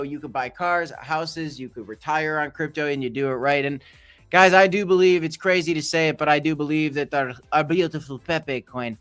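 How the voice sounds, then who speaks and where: A man's voice: a little high, pushed and bright. A man hosting a crypto livestream, rambling and joking with frequent restarts. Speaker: crypto channel host. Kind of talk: livestream commentary.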